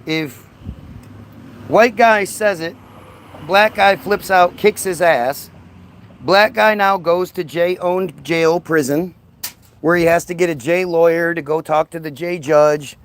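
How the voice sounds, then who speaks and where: A man ranting into the camera in a heated, profane monologue, stammering and repeating words. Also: on the high side. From United States. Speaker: vlogger.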